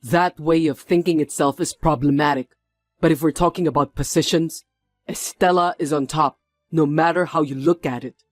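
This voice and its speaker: A man's voice: fairly high pitch, steady tone, normal speed, dry recording, soft background music, close to an everyday voice. A man playing a stern, reproachful young executive. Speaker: company executive, the son.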